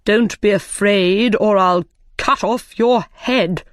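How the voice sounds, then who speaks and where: A threatening king barks orders in a storybook reading, as a woman reader puts him on. He speaks slowly and loudly, stretching out each command. The sound is dry and close. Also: medium pitch, no echo, lightly acted. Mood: stern. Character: bossy, threatening king, adult man.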